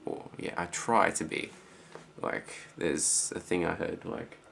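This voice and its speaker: Low gravelly Australian teen boy. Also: fairly even intonation, slow, slight background noise. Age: teens. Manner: rambling, many fillers, trails off quietly. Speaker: student vlogger. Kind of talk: casual rambling reply to a friend.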